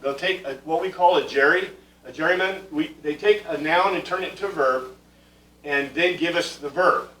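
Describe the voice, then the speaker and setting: A man's voice: a little high, a bit bright. A man teaching a Bible class, lecturing conversationally with fillers and restarts and putting questions to his students. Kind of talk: classroom lecture on Greek word meanings. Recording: echoey room, mic far from the speaker.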